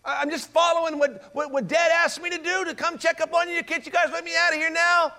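A man voicing a young man trapped in a pit, shouting up to his brothers to be let out. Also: level tone, fast talker, in a large hall, heavily acted. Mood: pleading. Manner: high, strained pleading shouts.

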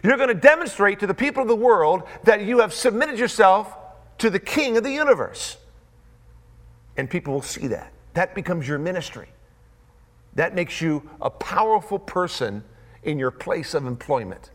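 A male preacher delivers a sermon in a high voice. He works through points with emphatic repetition and leaves dramatic pauses, and his pitch swings widely and lively throughout. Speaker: pastor.

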